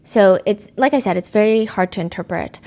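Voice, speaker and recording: A woman's voice: medium pitch, brisk, darkish tone. A woman hosting a podcast, telling a court story in a casual, conversational way. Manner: conversational, reads quoted texts aloud with feeling. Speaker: podcast host.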